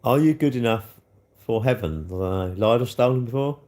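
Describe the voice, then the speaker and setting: A man chatting casually with viewers on a livestream, bantering as he reads comments, his throat a little hoarse. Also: mid-range voice, normal speed, dark tone. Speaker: livestream host.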